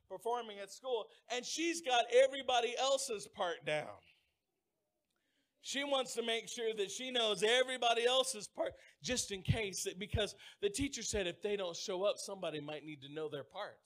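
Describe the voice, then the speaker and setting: High-voiced man preaching with call-and-response. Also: normal speed, fairly bright tone. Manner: folksy storytelling. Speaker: pastor. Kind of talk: sermon.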